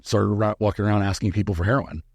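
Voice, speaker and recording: A man's voice: lowish voice, steady tone, quick pace, a little mellow, husky, no room sound, clean studio sound. A man as a podcast interview guest, telling a candid story in a frank, profane way with many fillers and restarts.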